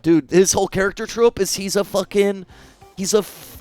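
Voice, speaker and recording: A man's voice: high voice, fairly even intonation, moderate pace, darkish tone, smooth, soft background music. A man streaming a game who reads the characters' lines aloud in put-on voices, joking and swearing as he plays. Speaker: streamer playing and voicing a game. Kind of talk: let's play with voiced dialogue.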